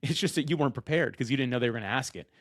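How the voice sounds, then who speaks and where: A man speaks straight to camera about how to be a good podcast guest. He talks loud and rapid-fire, slipping into quick impressions of guests and hosts. The sound is close and dry, with no room around it. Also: medium pitch, dry recording. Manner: loud and fast, acts out quoted guests and hosts. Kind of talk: energetic direct-to-camera advice talk.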